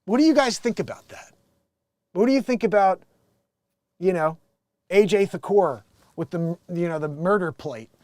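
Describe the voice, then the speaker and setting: Male vlog host, high-pitched, jokey, dry close mic. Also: expressive, moderate pace, long pauses, darkish tone, dry recording. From United States. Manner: joking, acts out quotes. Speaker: vlog host reading news. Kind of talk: casual news commentary.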